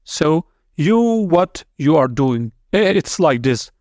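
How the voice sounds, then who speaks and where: Man, slow teacher, slightly high voice, dry close sound, repeats words for learners. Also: sing-song, darkish tone, no room sound. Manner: repeats words slowly, syllable by syllable; non-native English with small grammar slips. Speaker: language teacher. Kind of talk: slow, deliberate language lesson.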